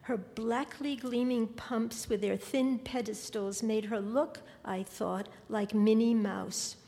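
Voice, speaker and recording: A woman reading her literary fiction aloud in a measured, deliberate way. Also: on the high side, steady tone, gravelly, dark tone. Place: lecture hall. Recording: long hall reverb.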